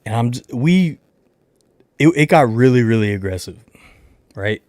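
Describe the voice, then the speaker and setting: A young adult man hosting a casual livestream, telling a long rambling story with lots of filler and animated retellings. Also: medium pitch, normal speed, no room sound, studio quality. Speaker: livestream host.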